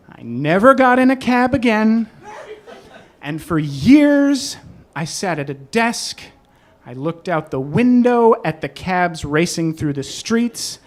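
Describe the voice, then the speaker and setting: A man telling a personal story live on a club stage. He is animated and self-deprecating, and his pitch swings widely. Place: club stage in New York.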